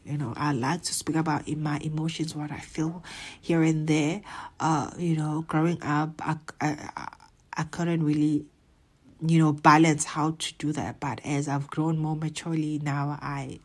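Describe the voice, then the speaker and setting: Outspoken woman with a husky low voice. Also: little pitch movement, normal speed, a little mellow. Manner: outspoken, emphatic, many fillers. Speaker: podcast host. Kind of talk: personal faith testimony.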